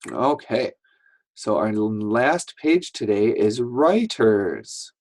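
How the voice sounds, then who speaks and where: Guy teaching little kids english, talks real slow n patient, repeats stuff a lot. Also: on the low side, very animated, darkish tone. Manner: patient, repeats words, acts out sounds. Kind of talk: slow English lesson for young learners.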